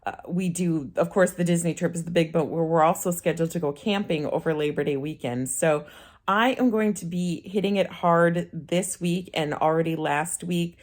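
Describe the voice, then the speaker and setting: A woman with a low voice talks to her camera in a relaxed, chatty vlog. She tells a personal story, laughing easily and restarting her sentences as she goes. She sounds like she is in her thirties. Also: normal speed. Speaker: vlogger. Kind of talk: casual chat to camera.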